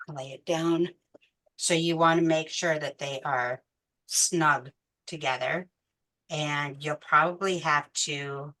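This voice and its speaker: Slow, patient woman teaching beadwork. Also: sits low, fairly bright tone. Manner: patient, counts aloud slowly. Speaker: beading instructor. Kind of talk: step-by-step craft tutorial.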